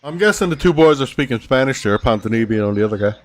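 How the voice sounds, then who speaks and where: A man's voice: medium pitch, expressive, quick pace. Guy cohosting a fight stream, laid back, rambles, swears a bunch, average voice. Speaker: co-host of a live fight betting stream. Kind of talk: casual profane banter.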